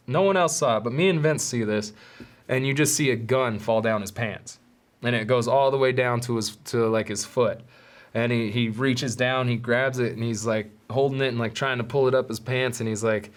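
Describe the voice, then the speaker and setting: A podcast host tells a story casually and animatedly, full of profanity and street slang. His voice is mid-range and he talks at a normal speed.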